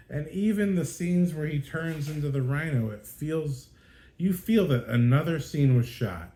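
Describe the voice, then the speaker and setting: Exasperated man with a mellow voice. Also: fairly high pitch, expressive, unhurried. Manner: exasperated, ranting, lots of fillers and restarts. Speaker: podcast host. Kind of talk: casual spoken movie review.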